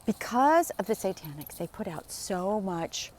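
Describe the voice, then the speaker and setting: Walking outdoors in the desert, a vlogger in her sixties talks casually to her phone camera, rambling through stories and imitating the people she quotes. Her medium-pitched, darkish voice swings widely in pitch at an unhurried pace, with a little background noise.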